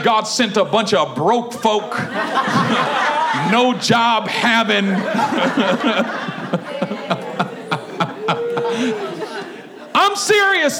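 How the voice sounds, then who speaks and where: A man pastor preaching a humorous sermon, laughing often and telling the story with lively acted-out voices. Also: extremely high pitch.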